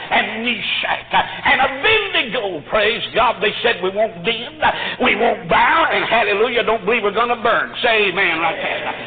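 A man's voice: sits high, phone-quality sound. A man preaching a fervent sermon, punctuating his phrases with "uh". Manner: fervent, with frequent "uh" between phrases.

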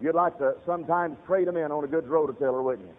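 A male preacher delivering a fiery, storytelling sermon, calling out to his congregation directly. His voice sits high, and the sound is thin and tinny, like a radio broadcast. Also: fast talker, big-room sound.

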